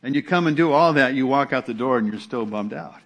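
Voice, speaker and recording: A man's voice: medium pitch, fairly quick, a bit bright. Conversational middle-aged male pastor preaching. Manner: conversational preaching with restarts and emphatic repetition. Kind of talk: sermon.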